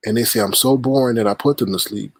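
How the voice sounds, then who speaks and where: A man's voice: medium pitch, fast, slightly rough, dry recording. A man hosting a casual livestream, greeting viewers by name and teasing them in sing-song asides. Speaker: livestream host.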